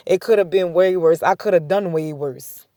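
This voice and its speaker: A woman's voice: lowish voice, moderate pace, dark tone, no echo, studio quality. Woman giving a chatty faith testimony. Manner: repetitive, conversational storytelling with many "I said" asides; chuckles between points. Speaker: faith vlogger. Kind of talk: casual spoken testimony.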